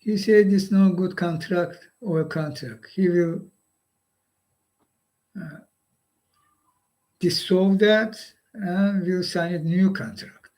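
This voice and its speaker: Guy w high voice talking slow, choppy little phrases, keeps asking huh?. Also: a little mellow, rough recording. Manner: halting, short phrases with rhetorical "huh?". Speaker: live stream host. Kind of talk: political monologue.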